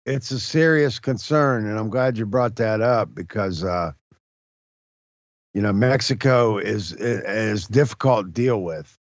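A man presenting in a measured, halting lecture style, with frequent fillers and restarts. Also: on the low side, dry recording, muffled recording. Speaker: presenter on esoteric history. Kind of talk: slow lecture-style discussion.

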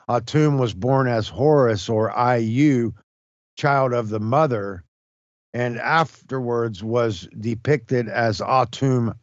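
A man speaks slowly and deliberately in a low voice, pausing on fillers as he lectures. The sound is dry and close, slightly dull and lo-fi. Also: no room sound. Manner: measured, halting, many fillers and restarts. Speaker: presenter on esoteric history. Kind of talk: slow lecture-style discussion.

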